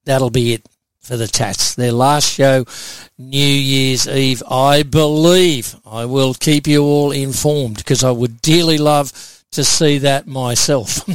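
A man's voice: medium pitch, steady tone, takes it slowly, smooth, dry recording. A man with an Australian accent, hosting a casual late-night radio show and chatting between requests in a laid-back way. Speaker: radio host playing listener requests.

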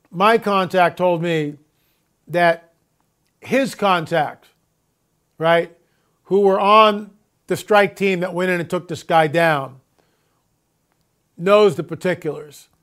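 The host of his own video report has a high, smooth voice with a fairly bright tone. He gives an emphatic monologue of commentary, asking rhetorical questions and slowly elongating catchphrases he uses again and again.

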